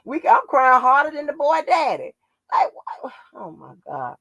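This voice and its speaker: Female channel host, gravel in the voice, loose, profane and laughing, dry close sound. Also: sits high, huge pitch swings, moderate pace, fairly bright tone, dry recording, dull audio. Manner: salty, laughing, profane storytelling. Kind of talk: casual livestream chat.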